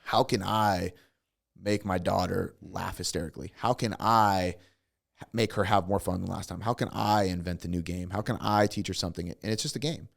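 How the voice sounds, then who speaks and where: A man's voice: deep voice, vocal fry. A man, a coach, talking casually and animatedly on a podcast, swearing freely as he tells stories. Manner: fast, swearing, animated storytelling. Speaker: fitness coach, guest.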